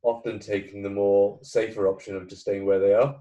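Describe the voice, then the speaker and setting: A man's voice: lowish voice, little pitch movement, brisk, dark tone, distant mic, highs cut off. A man from England co-hosting a casual podcast, asking curious, direct questions.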